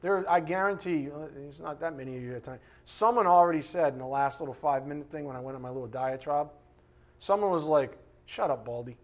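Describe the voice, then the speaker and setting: Blunt, fiery high-voiced male preacher. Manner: blunt, animated, swings between loud and quiet; reads scripture slowly with emphasis. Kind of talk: informal sermon.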